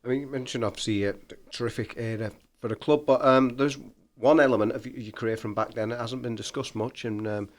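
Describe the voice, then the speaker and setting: A man's voice: mid-range voice, fairly even intonation, fast talker, hardly any pauses. Male co-host asking careful questions. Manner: hesitant, careful phrasing around a sensitive topic. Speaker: sports journalist co-host. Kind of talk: interview question.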